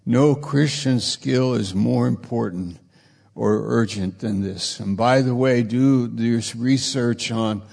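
A man's voice: mid-range voice, slow, vocal fry, darkish tone, long reverb tail. A man preaching a sermon, with repetitive, emphatic phrasing.

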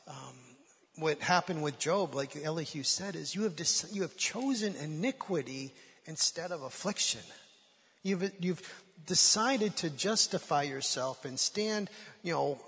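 A man's voice: a little high, a bit bright, slightly rough, big-room sound. A man giving sermon-style Bible teaching, acting out quoted voices with rising emotion.

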